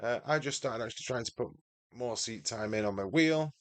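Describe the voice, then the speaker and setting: This Mancunian streamer commentates sim-racing live and chats with viewers by name. He speaks a little fast at a medium pitch.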